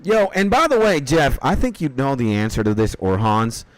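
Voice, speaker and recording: A man's voice: medium pitch, very animated, normal speed, no echo, poor audio. A young man streaming a game, chatting casually with viewers, swearing freely and reading quest dialogue aloud. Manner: swears casually, greets chat viewers by name.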